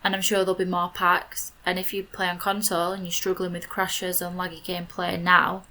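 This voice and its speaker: Chatty Yorkshire woman with a bright voice. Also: on the low side, monotone, brisk, slight background noise. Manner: chatty and rambling, with many "like" fillers. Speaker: video creator. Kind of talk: casual commentary over a game speed build.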